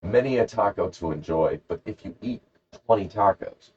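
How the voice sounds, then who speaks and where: A low-voiced man rambles through a jokey story on a casual podcast, and his pitch rises and falls in lively swings. The recording is dull and lo-fi. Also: normal speed, slightly rough. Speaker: podcast co-host.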